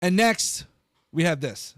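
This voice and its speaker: Guy doing a political live stream, kinda high voice, worked up and talking to the chat, dry room. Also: slow, no room sound. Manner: animated, incredulous, addresses viewers as guys. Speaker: political commentary host.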